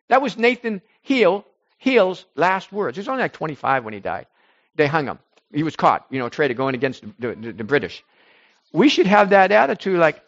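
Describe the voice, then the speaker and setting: A man preaching informally to a small group, rambling and animated, swinging between loud bursts and soft asides. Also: high-pitched, brisk, lo-fi sound. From United States.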